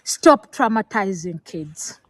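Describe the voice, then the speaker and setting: In an emotional personal talk to camera, a middle-aged woman from Africa lectures earnestly on parenting, nearly in tears, with frequent fillers and restarts. She speaks slowly in an animated, mid-range voice over background noise.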